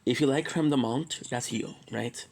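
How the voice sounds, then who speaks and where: A man's voice: mid-range voice, moderate pace, gravelly, a little mellow, a little hiss or hum, poor audio. A man from Quebec, Canada, rambling through a joking, tangent-filled casual monologue and swearing freely. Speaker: streamer.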